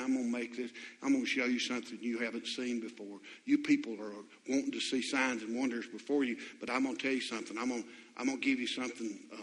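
A man's voice: mid-range voice, big-room sound. A man preaching a sermon as pastor, questioning his congregation and building to impassioned appeals.

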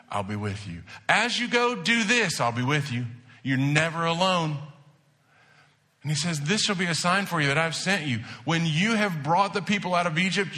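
Pastor guy preaching, bright tense voice, pitch a bit high, goes quiet then punches lines. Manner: preaching, shifts between hushed and emphatic. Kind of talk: sermon.

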